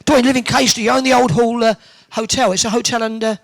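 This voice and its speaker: A man hosting a bowls event, teasing the crowd with quick cheeky one-liners over a handheld microphone in a large indoor arena. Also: very high-pitched, steady tone. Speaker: arena host entertaining the crowd.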